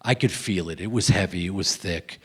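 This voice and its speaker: A man's voice: low voice, moderate pace, husky. A man, an actor, telling rambling, self-deprecating stories while answering audience questions at a film festival Q&A. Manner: rambling, animated, self-deprecating, many restarts. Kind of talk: festival Q&A storytelling.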